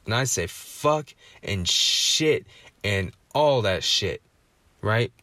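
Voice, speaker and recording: A man's voice: lowish voice, lively intonation, slow pace, no echo. Swearing man ranting about baby talk. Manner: swears freely, asks rhetorical "right?" often, gets loud and indignant. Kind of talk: profane comedic rant.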